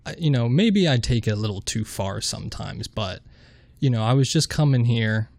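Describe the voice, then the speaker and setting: A man's voice: medium pitch, animated, moderate pace, vocal fry, a little mellow, no echo. Rambling, swearing man in casual chat. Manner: rambling storyteller, swears a lot.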